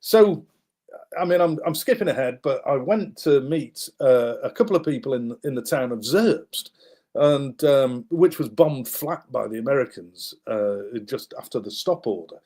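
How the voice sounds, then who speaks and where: Here a man of medium pitch and moderate pace, appearing as a guest author, relates a wartime tale while displaying maps. He is lively, voices the characters himself, and often stumbles into fillers and fresh starts.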